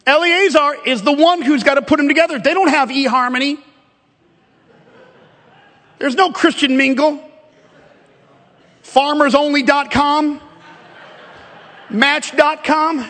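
A man preaching a sermon, animated and emphatic, joking with the congregation between scripture readings. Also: very high-pitched, a little slow, long pauses. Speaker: pastor. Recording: long hall reverb.

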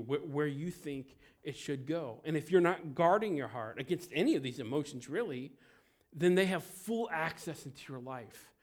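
A pastor preaching a sermon, his voice sitting a little high for a man. He leans hard on key words and then lets his phrase endings drop low and soft. Now and then he acts out the voices of people in his stories. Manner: emphatic, swings between loud stresses and quiet trailing endings; acts out quoted voices in a story.

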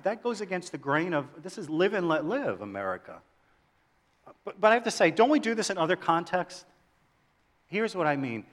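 A middle-aged man preaches a sermon in a church. His voice sits a little high, and he talks with lively energy, putting questions to the congregation and joking with them. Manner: animated, asks the audience questions, jokes. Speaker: pastor.

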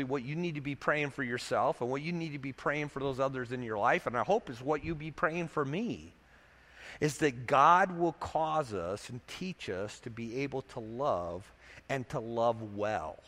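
A man's voice: medium pitch, fairly bright tone, big-room sound. A man preaching a sermon as pastor, in a conversational way, asking rhetorical questions as he goes.

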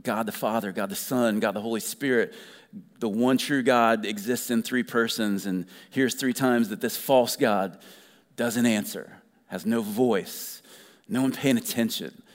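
A man preaching a sermon as a pastor, reading scripture with lively conversational asides. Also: mid-range voice, measured pace. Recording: long hall reverb.

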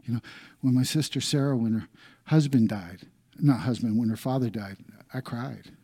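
A middle-aged male pastor preaching with a husky, slightly breathy tone and a dark, mellow timbre. He rises to loud emphasis, then drops to hushed near-whispers. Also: medium pitch, moderate pace. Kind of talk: sermon.

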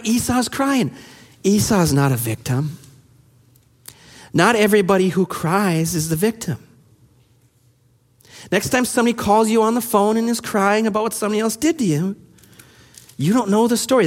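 A man preaching a sermon, reading scripture aloud and explaining it in an animated way, acting out the quoted voices. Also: sits high, normal speed, long pauses. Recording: long hall reverb.

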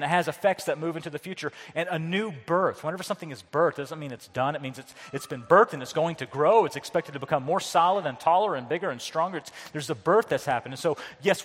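A man's voice: on the high side, fast talker, hardly any pauses, fairly bright tone. A man preaching a sermon as pastor, earnest, often repeating words and putting questions to the congregation. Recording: long hall reverb.

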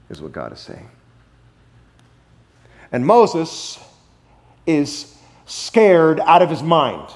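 A man preaching a sermon, emphatic, repeating key phrases and swinging between loud declarations and hushed asides. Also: fairly high pitch, wildly swooping pitch, very slow, long pauses. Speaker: pastor.

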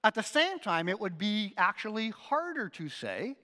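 Speaking at a moderate pace, this pastor gives an animated sermon peppered with "right?" asides, keeping it conversational. His pitch sits high with wide swings, and his tone comes across bright and forward. The recording echoes with the long reverb of a large hall.

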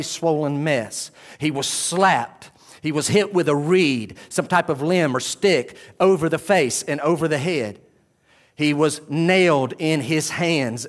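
A man preaching a sermon as pastor, swinging from quiet, low passages to loud, raised exclamations.

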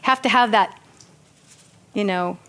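A woman's voice: mid-range voice, slow, pushed and bright. A woman preaching a sermon, reading scripture earnestly and breaking into chatty, laughing asides.

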